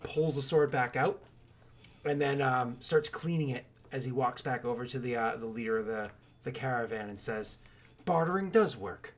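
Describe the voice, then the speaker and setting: A man acts as game master for a tabletop game, narrating the scene animatedly and scattering loose filler words throughout. His voice is mid-range and his pace moderate.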